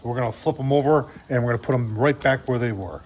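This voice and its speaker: A man's voice: medium pitch, fast talker, a little mellow, a little hiss or hum. A man hosting his own channel, casually reviewing a gas grill while cooking and chatting to viewers in a folksy way.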